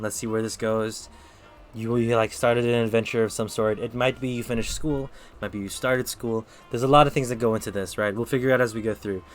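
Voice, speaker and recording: A man streaming live, giving casual tarot readings and chatting with viewers, thinking aloud with lots of fillers. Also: fairly low pitch. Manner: talks to chat between readings.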